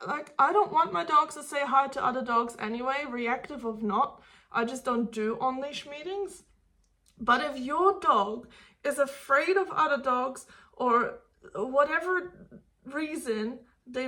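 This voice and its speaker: A woman's voice: high-pitched, pushed and bright. A woman dog trainer speaking her mind in a vlog, blunt and exasperated, swearing casually as she argues her point. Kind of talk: opinionated talking-head vlog.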